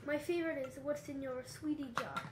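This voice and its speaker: A woman's voice: sits high, steady tone, fairly quick, roomy sound, distant mic, noisy background. A woman from Canada co-hosting a knitting podcast, chatting with eager enthusiasm. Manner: enthusiastic, gushing. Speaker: podcast co-host. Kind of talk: casual chat.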